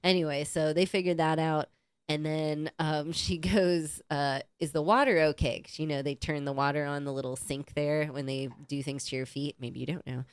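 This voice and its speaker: Woman cohost with a really low voice, dry close mic, acts out everyone in her stories, laughs a lot. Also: moderate pace, clear, resonant tone, no echo. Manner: animated storyteller who acts out other people's lines, laughs often. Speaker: podcast co-host. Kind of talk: casual chat.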